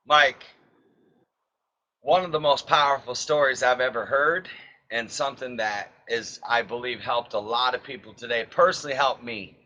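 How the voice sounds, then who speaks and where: A male podcast host with a bright, forceful voice responds to his guest. He speaks in an affirming way about what he has just heard. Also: medium pitch, normal speed, muffled recording. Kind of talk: interview reflection.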